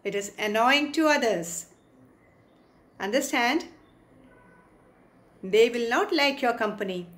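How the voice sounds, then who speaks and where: Slow, higher-voiced Indian English teacher woman. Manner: slow, explains words and acts out quotes. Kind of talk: English poetry lesson.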